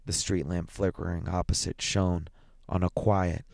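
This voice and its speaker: A man reading a classic horror short story aloud as narrator, measured and dramatic, with deliberate pauses. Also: sits low, little pitch movement, gravelly, music in the background.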